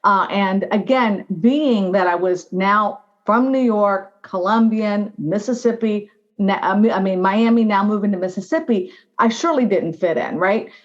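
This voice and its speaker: A middle-aged woman from the United States, a guest on an interview show, telling her life story in an animated way and often saying "right?" and "you know". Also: mid-range voice, measured pace. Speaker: guest, diversity officer. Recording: slightly dull lo-fi audio.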